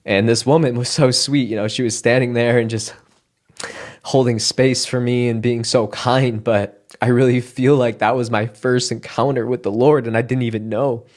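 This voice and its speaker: A man's voice: mid-range voice, fairly even intonation, moderate pace, darkish tone. A man earnestly telling his personal testimony in a casual, emotional way, with frequent restarts and fillers. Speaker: speaker sharing a personal testimony.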